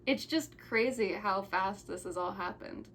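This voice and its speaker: A woman's voice: medium pitch, takes it slowly, a bit bright. Young woman about 20 vlogging, rambling and stumbling over her words, kinda sappy, faint hiss behind. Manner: rambling, restarts and stumbles, sentimental. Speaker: YouTuber. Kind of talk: casual thank-you vlog.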